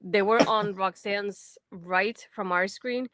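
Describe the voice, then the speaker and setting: A woman's voice: mid-range voice, takes it slowly, a bit bright, no room sound. Woman co-host, kinda blunt and sarcastic, dry close sound. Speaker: co-host of a wrestling post-show. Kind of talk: casual chat.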